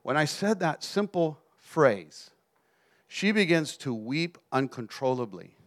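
A man preaching a sermon as an animated storyteller who keeps checking in with his listeners. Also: fairly high pitch, takes it slowly. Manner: animated storyteller, often asks the audience "you understand?".

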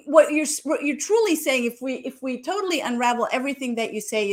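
A woman host on an interview podcast. Her voice sits a bit high, and she works her way toward her questions out loud, picking her words as she goes. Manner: thinks aloud with fillers and restarts, lays out the question at length.

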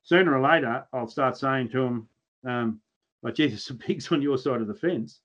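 A man's voice: medium pitch, normal speed, a bit bright, highs cut off. Blunt Australian man spinning yarns. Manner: blunt, earthy storytelling with mild swearing. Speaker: podcast guest, pig hunter. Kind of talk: casual podcast chat.

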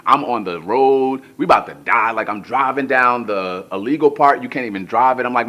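A male pastor telling a comic personal story in a sermon, animated, moving from hushed to shouting, with colloquial asides to the crowd. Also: mid-range voice, moderate pace, hardly any pauses.

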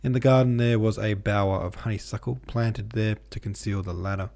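Podcast guy reading an old novel aloud, low mellow voice, steady. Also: fairly quick, creaky. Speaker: podcast host and reader. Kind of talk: audiobook reading of a classic novel.

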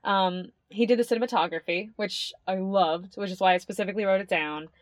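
A woman's voice: medium pitch, brisk, dry recording, studio quality. A young adult woman co-hosting a podcast in casual chat, rambling, swearing and laughing often. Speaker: podcast co-host.

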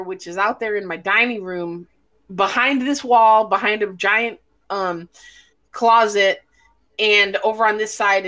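A woman hosting a casual chat, telling stories bluntly and swearing a lot. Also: medium pitch. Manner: blunt, profane, animated storytelling. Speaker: podcast host.

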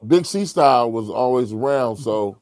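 A man's voice: mid-range voice, normal speed, no room sound, studio quality. A man, a guest actor, chatting casually and telling stories, putting on voices as he quotes people. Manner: animated storyteller doing impressions. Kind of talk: casual podcast chat.

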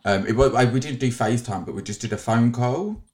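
A man co-hosting a podcast, talking frankly and quickly. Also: medium pitch, darkish tone. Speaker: podcast co-host. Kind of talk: casual chat.

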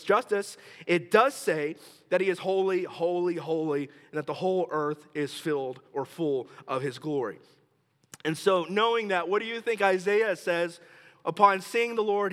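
A male pastor preaching a sermon, emphatic, repeating key phrases and dropping quiet and slow to stress a point. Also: high-pitched, in a large hall.

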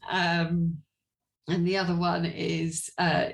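A woman from England, an interview guest giving a personal testimony in animated storytelling with frequent laughter and fillers. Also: lowish voice, takes it slowly, gravelly.

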